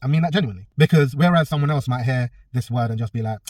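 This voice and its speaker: A man's voice: medium pitch, quick pace, darkish tone, no room sound, distant mic. A man, a personal trainer telling a story in a casual vlog, blunt and swearing freely. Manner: blunt, swears a lot, acts out both sides of a quarrel.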